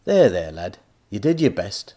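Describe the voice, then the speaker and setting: A man voicing a kindly old grandfather tinkerer who speaks calmly and gently in a storybook. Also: on the low side, measured pace. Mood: gentle. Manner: calm, gentle, reassuring.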